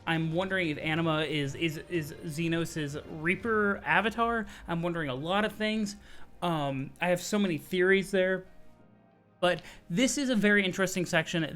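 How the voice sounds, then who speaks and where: A man giving casual, excitable commentary on game news, chatty and full of slang and quick restarts. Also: high-pitched. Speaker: gaming video creator.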